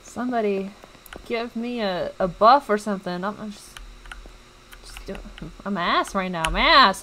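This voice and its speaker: A woman's voice: medium pitch, a little slow, pauses often, sharp tone, slight background noise, poor audio. A young woman streaming a game, chatting to her viewers and reacting jumpily as she plays. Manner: chatty, jumpy, talks to viewers while playing. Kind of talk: let's play commentary.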